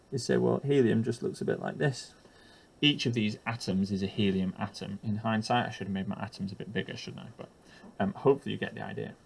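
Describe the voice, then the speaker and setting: A man's voice: medium pitch, gravelly, a little mellow. A man explaining a chemistry lesson for teachers while drawing, hesitant with frequent ums and uhs and the odd self-deprecating aside.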